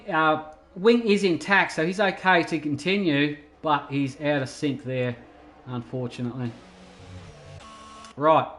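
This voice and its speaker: A man commentating a sim racing league, chatty and breaking into excited bursts during overtakes. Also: high voice, a little hiss or hum, rough recording. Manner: chatty, excitable bursts over steady play-by-play. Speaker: race commentator.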